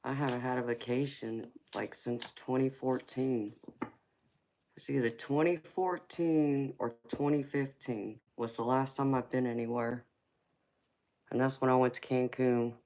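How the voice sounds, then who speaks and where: A little slow and mellow, with a very deep voice and fairly even intonation, a Southern Georgia woman hosts a tarot livestream. Battling a cold, she reads viewer comments in casual chat, warmly calling people sweetheart and honey.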